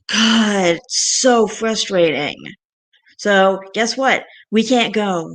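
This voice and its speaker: A young woman vlogs casually, speaking straight to her camera as she vents her frustrations. Her mid-range voice keeps a measured pace while she rambles, restarts her thoughts, and sighs often.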